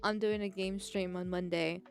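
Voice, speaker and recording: A woman's voice: medium pitch, steady tone, moderate pace, vocal fry. A young woman chatting on a live stream, rambling with frequent restarts and laughs, and reading chat messages aloud. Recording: faint background music.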